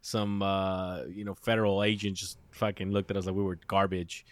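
A man telling a childhood story in casual chat, animated and swearing freely, dropping into Spanish phrases. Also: low-pitched, moderate pace, dry recording.

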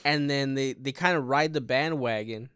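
A man's voice: medium pitch, normal speed, a bit bright, smooth, no room sound, clean studio sound. Laid-back man chatting on a podcast. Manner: laid-back, casual, profane. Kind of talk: casual opinion chat.

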